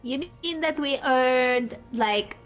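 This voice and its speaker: A woman's voice: sits high, slow pace, fairly bright tone, soft background music. A woman playing in a tabletop game, talking casually with lots of filler words. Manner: chatty, filler-heavy. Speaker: player.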